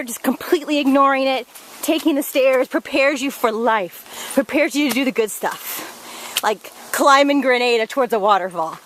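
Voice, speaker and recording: Woman vlogger, bright motivational energy, high-ish voice, outdoor camera audio with steady background noise. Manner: upbeat, motivational, laughs often. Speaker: vlogger, fitness doctor. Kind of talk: walking vlog to camera. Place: outdoors in a rainforest.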